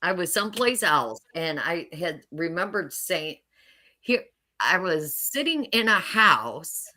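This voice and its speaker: A woman's voice: fairly low pitch, sing-song, slow pace, bright, forceful tone. A middle-aged woman telling her life story casually and candidly, often laughing wryly. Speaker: mother telling her testimony.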